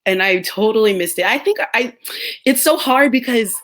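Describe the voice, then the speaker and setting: Young US woman streamer, chatty and animated, slightly high voice, laughs a lot. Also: normal speed. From United States. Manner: animated storytelling, laughs often, mimics others. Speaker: live stream host. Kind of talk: casual chat.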